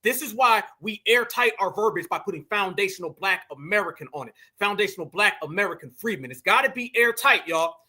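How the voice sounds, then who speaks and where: A man's voice: high-pitched, animated, fairly quick, hardly any pauses, pushed and bright. A man hosting heated reaction commentary, mocking and emphatic, talking straight to his viewers. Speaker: commentary host.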